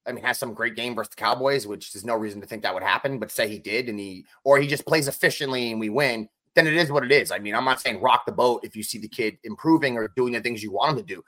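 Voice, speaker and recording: A man co-hosting a casual sports podcast, talking fast and emphatic as he runs through game stats. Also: mid-range voice, a bit bright. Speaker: podcast co-host.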